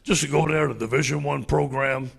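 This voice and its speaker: A man in his sixties with a gravelly, husky voice, telling animated stories as a guest speaker on a handheld mic. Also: medium pitch, fairly quick. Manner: animated storyteller, acts out loud exclamations. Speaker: football coach guest speaker. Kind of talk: storytelling at a club luncheon.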